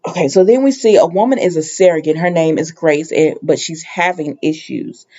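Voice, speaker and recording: A woman casually recapping a TV episode, her voice warm and mellow. She rambles through it with frequent ums, false starts and the occasional exasperated aside. The sound is a bit dull and lo-fi. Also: sits low, normal speed. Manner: rambling, full of ums and restarts; conversational, sometimes exasperated asides. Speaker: TV recap host.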